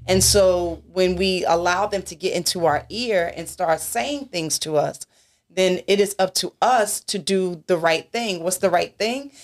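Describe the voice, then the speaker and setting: Woman minister, lowish voice, preachy and emphatic, rhetorical questions. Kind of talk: church talk discussion.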